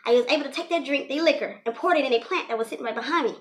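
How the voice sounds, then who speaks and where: A woman's voice: high voice, racing. A young woman telling a personal story in a casual, rambling way, full of "you know" fillers. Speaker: storyteller vlogger.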